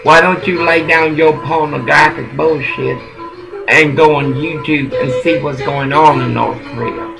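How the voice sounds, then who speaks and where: A man's voice: fairly high pitch, steady tone, a little slow, low-quality recording. A man delivering a rambling, profane, angry monologue that scolds his listeners. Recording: music playing loudly behind. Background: clear music.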